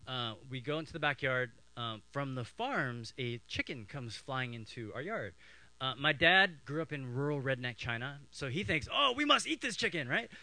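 A middle-aged man from Canada preaching a sermon, telling childhood stories in an animated way and acting out family voices. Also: mid-range voice, normal speed, rough recording. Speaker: pastor.

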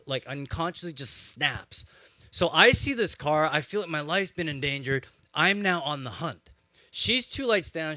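A young adult man preaching as a pastor, telling a personal story in a relaxed conversational way with many "um"s and "like"s. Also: on the high side, dry recording. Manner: conversational, animated storytelling with frequent "um" and "like".

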